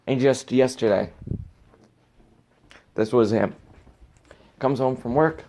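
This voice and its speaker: A man's voice: mid-range voice, slow pace, pauses often, dark tone. Young man ranting in his bedroom. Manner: exasperated ranting, swearing. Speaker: vlogger. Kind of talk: casual ranting vlog.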